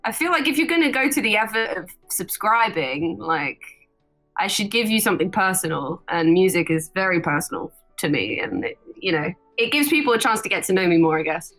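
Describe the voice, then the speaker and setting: A woman's voice: mid-range voice, big pitch swings, a little fast, fairly bright tone, faint music behind, poor audio. A young woman, a voice actress, chatting casually and cheerfully as an interview guest, laughing often. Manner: giggly, chatty, upbeat.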